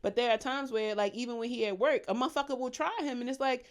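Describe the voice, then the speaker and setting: A woman's voice: fairly high pitch, quick pace. A woman co-hosting a podcast in casual chat, talking bluntly and full of cussing, acting out quotes as she tells stories. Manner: blunt, profane, animated storytelling with voiced quotes. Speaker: podcast co-host.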